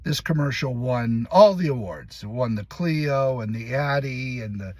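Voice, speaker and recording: Husky-voiced man telling a story. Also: medium pitch, measured pace, no echo. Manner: lively, laughs while telling, acts out other people's lines. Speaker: commercial actor. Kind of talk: casual anecdote storytelling.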